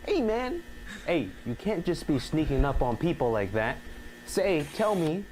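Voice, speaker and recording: A man's voice: a little high, very animated, measured pace, darkish tone, a little hiss or hum, pitched above the performer's own voice, low-quality recording. A man voicing a jittery, lost man who rambles about looking for a bathroom in a comedy skit. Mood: flustered. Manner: jumpy, startled, rambling.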